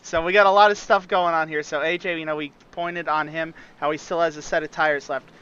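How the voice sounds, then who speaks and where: A man's voice: a little high, flat delivery, fairly quick, pushed and bright, clear, resonant tone. A man reporting from the pits on a sim racing broadcast, giving a methodical strategy rundown. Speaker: pit reporter. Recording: dull, lo-fi mic.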